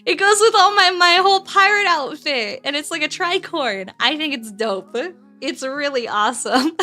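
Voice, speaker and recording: A woman's voice: high-pitched, expressive, normal speed, bright, forceful tone, soft background music. A woman streamer chatting casually with her live chat from home, giggly and swearing freely.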